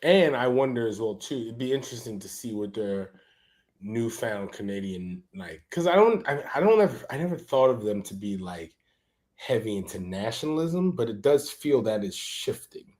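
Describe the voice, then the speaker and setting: A man co-hosting a comedic news podcast, dropping quick wisecracks and asides. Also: mid-range voice, animated, a little mellow. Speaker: podcast co-host.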